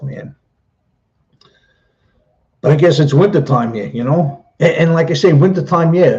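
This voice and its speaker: A man's voice: medium pitch, vocal fry, dark tone, lo-fi sound. A middle-aged man chatting casually on a live stream, rambling and repeating himself as he talks.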